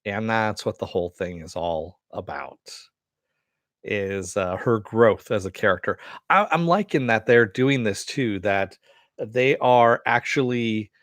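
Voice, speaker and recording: A man's voice: on the low side, a little slow, a bit bright, dry recording. Rambling man reviewing a cartoon, dry sound. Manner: rambling, laughing often, swearing. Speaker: TV episode reviewer. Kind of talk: casual spoken review.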